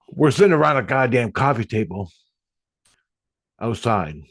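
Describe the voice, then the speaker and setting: A man's voice: medium pitch, animated, a little slow, pauses often, dry recording. A middle-aged man telling a rambling, profane personal story about spiritual experiences. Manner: profane, meandering, blunt. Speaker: spiritual vlogger.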